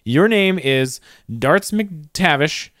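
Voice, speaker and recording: A man's voice: on the high side, animated, extremely slow, fairly bright tone, dry recording, clean studio sound. A man hosting a casual trivia game in a podcast, playful and jokey, laughing easily. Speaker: quiz game host.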